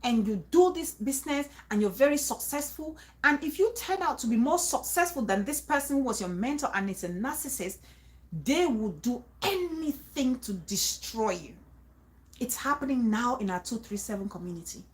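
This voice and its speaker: A woman's voice: fairly high pitch, expressive, normal speed. A woman talking to her viewers, emphatic and repetitive, often restarting phrases and urging them to trust her. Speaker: vlogger giving advice. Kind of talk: casual talk to viewers.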